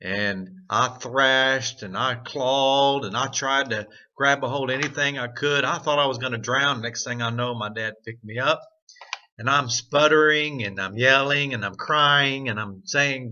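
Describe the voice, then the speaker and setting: Man host, earnest storytelling devotional, very bright tone, dull lo-fi recording. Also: mid-range voice, a little slow. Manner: earnest storytelling with frequent fillers. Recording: dull lo-fi sound.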